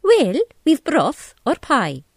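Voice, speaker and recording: A woman's voice: high voice, huge pitch swings, slow, gravelly, no room sound, clean studio sound, pitched above the performer's own voice, full character voice. A woman voicing a small, round, cheerful tea shop woman with a Scottish accent in a storybook reading. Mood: hearty. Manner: bright, hearty, dialect-rich.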